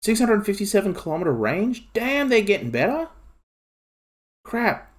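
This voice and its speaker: An Australian man streaming a game and chatting casually, rambling excitably with lots of filler words. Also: high voice, moderate pace. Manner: rambling, excitable, heavy use of "like". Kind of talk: casual chat while streaming.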